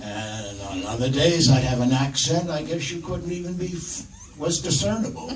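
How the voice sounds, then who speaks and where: A man telling a self-mocking story at a live interview, chuckling as he speaks. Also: fairly high pitch. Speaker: actor telling a story on stage. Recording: echoey, distant, loud noise.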